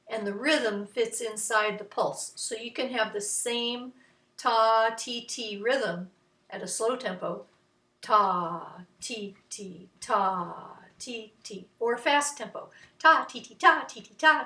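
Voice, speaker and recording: A woman's voice: on the high side, fairly bright tone. A woman teaching a children's music lesson, patiently chanting rhythm syllables. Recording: roomy, voice from a distance.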